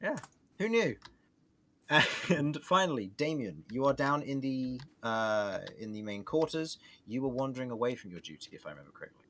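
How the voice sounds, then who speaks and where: Give me a lively man as game master narrating a tabletop campaign. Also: mid-range voice, moderate pace, a little hiss or hum. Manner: lively, laughs often while describing scenes.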